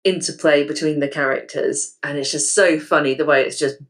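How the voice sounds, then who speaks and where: Low-voiced enthusiastic woman podcaster. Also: fairly even intonation, fairly quick. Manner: chatty and enthusiastic, with filler words and laughs. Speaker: podcast co-host. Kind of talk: casual podcast discussion.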